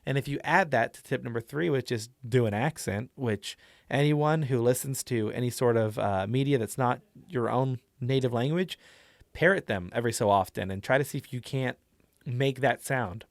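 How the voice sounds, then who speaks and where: A man's voice: medium pitch, moderate pace, creaky, dry recording. A man giving a casual tutorial on tabletop role-play voices, chatty and rambling with many fillers. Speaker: tabletop game teacher.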